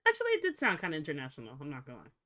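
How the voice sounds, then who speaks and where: A woman streamer chatting casually to her viewers, swearing freely and reacting out loud while she fiddles with settings. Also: low voice, wildly swooping pitch, very fast. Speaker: livestreamer. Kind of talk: casual livestream chat.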